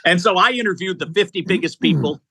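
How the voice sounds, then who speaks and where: A man in his sixties spins stories as an interview guest, piling up restarts as his enthusiasm runs ahead of him. His voice is bright and forceful, and the close mic keeps the sound dry. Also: high-pitched, fast, creaky, dry recording. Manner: enthusiastic, tumbling sentences with many restarts. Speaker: interview guest, executive recruiter. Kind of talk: conversational storytelling.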